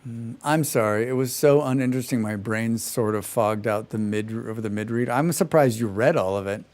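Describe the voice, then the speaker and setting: This game streamer chats casually during a livestream of his gameplay, tossing in sarcastic jokes. His voice is mid-range and darkish, and he talks at a moderate pace.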